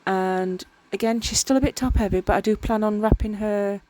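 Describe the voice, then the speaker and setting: A woman's voice: mid-range voice, steady tone, normal speed, mellow, no echo. A tired woman chatting casually while crafting, rambling and often tripping over her words. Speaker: miniature crafter. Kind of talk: casual crafting vlog narration.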